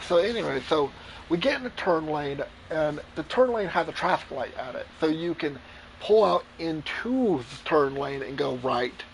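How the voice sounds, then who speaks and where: A man's voice: a little high, moderate pace, gravelly, slight background noise, low-quality recording. A man streaming a flight game, telling a long profane story in a rambling, casual way. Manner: profane, rambling, animated retelling. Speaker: gamer streamer. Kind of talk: casual storytelling over gameplay.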